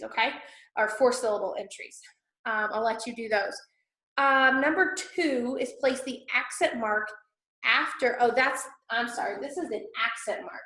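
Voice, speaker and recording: A woman teacher walks students through patient, step-by-step instructions, frequently checking in with "okay?". Her voice is fairly high and fairly bright, and this classroom lesson, recorded for students, has an echoey room sound.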